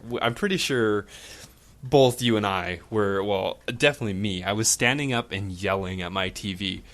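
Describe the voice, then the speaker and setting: A man co-hosting a podcast, breaking down fights in a laid-back, measured way with frequent fillers. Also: fairly low pitch, a bit bright. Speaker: podcast co-host. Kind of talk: casual sports betting chat.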